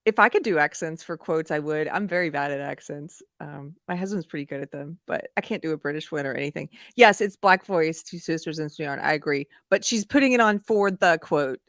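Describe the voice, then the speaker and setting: A woman's voice: sits low, fairly quick, few pauses, fairly bright tone, no echo, clean studio sound. A woman hosting a live stream who chats casually, laughs often and reads chat comments aloud. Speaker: livestream host.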